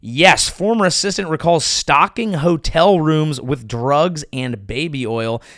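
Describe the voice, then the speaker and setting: A man's voice: fairly high pitch, unhurried, fairly bright tone, no room sound, clean studio sound. A man hosting a comedy podcast, riffing crudely and jumping into silly impressions.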